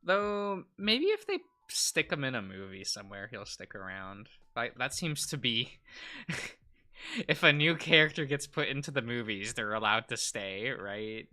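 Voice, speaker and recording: A man's voice: medium pitch, sing-song, a little slow, sharp tone. A male streamer chatting casually and rambling with frequent laughs while he draws.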